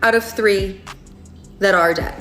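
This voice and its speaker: A woman's voice: mid-range voice, fairly even intonation, slow pace, bright, forceful tone, faint music behind. An American woman telling a personal story in casual chat, candid and wry, with many filler words. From United States. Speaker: storyteller on a podcast.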